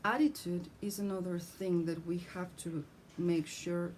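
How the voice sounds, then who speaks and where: Woman teacher, lowish mellow voice, clear explanatory lesson delivery, faint background hum. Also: fairly even intonation, measured pace, low-quality recording. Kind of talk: scripted lesson on speech.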